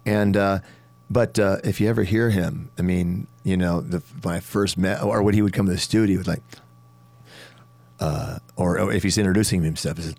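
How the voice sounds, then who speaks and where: Deep-voiced man rambling about singing. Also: steady tone, moderate pace, gravelly, darkish tone, no echo. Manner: rambling, full of restarts, demonstrates vocal tricks. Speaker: rock singer and studio vocalist. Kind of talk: casual podcast chat.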